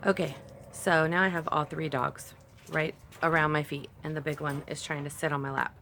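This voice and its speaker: A woman vlogger tells a chatty, rambling story to her phone camera, pausing now and then to talk to her dogs. Her voice is low-pitched, bright, and forceful, with fairly even intonation at normal speed, and there's faint background noise.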